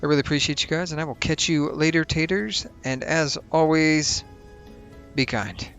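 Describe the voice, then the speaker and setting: A man's voice: a little high, moderate pace, fairly bright tone, soft background music. A man hosting a let's play, giving casual commentary over his gameplay. He is chatty, thinks aloud and makes self-mocking asides.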